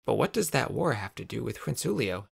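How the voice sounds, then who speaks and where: A man's voice: medium pitch, big pitch swings, brisk, creaky, husky, no echo, voice pushed up, full character voice. A man voicing a weary, impatient young traveler in a raised, strained tone.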